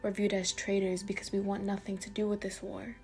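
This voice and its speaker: A woman's voice: medium pitch, monotone, fairly quick, mellow, faint music behind, close to an everyday voice. A woman voicing a brash teenage boy in a storybook reading, crude and joking but guarded about a secret. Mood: somber.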